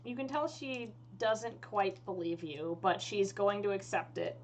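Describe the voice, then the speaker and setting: A woman's voice: mid-range voice, lively intonation, a little slow, a little hiss or hum. A woman narrating a tabletop game as dungeon master, chatty and full of fillers.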